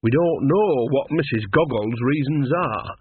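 A man's voice: mid-range voice, unhurried, slightly rough, dry recording. A man reading aloud, voicing a commanding old witch with a stern, decisive manner. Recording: tinny phone-like dry sound.

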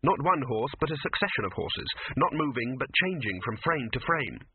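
A man reading a story aloud in a wry, even storytelling manner. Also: medium pitch, moderate pace, a little hiss or hum. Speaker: audiobook narrator. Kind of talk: scripted narration. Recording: tinny phone-like sound.

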